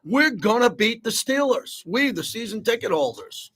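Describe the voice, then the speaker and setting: A man's voice: extremely high pitch, sing-song, normal speed, fairly bright tone, breathy edge. A man hosting a sports talk radio show, ranting bluntly and with heat.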